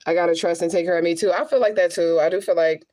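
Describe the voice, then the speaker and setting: A woman's voice: on the low side, steady tone, fast, dark tone. Young woman, spiritual reader, casual livestream vent, blunt, swears a lot, laughs often. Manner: candid, profane, laughing often.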